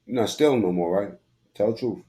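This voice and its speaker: A man's voice: on the low side, a little fast, dark tone. A man giving crude, mocking commentary while reacting to a video. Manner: mocking, crude, laughs at what he watches.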